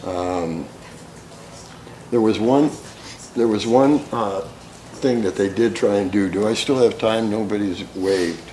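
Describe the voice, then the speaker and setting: An older war veteran tells his stories at a talk in a theater school hall, folksy and profane and often bursting into laughter. His voice is lowish with lively intonation, and he speaks very slowly with long pauses. The recording catches a roomy hall with faint ambience and some background noise.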